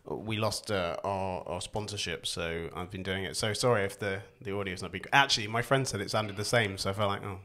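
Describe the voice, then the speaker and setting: A man with a posh English accent, hosting a podcast in relaxed, chatty conversation. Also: low voice, brisk, few pauses. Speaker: podcast host.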